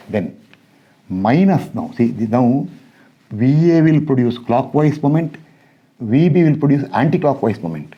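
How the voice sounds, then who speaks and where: A man's voice: medium pitch, slightly rough. A man teaching structural engineering in a classroom lecture, working through calculations aloud step by step and checking in with his students. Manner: addresses students directly with quick checks. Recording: dull lo-fi recording.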